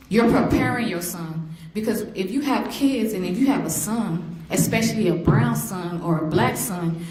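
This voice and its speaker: A woman's voice: fairly low pitch, darkish tone. Grieving middle-aged mother in an echoey courtroom. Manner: emotional, vivid storytelling that slips into acted quotes. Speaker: victim's mother giving an impact statement. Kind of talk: courtroom victim impact statement. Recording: echoey courtroom, faint noise.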